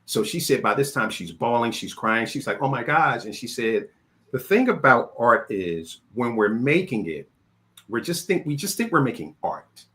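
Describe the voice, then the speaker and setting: A man's voice: mid-range voice, sing-song, normal speed, bright, forceful tone. A man hosting a film interview, chatting casually and telling stories, often repeating words as he starts a sentence. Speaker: interview host.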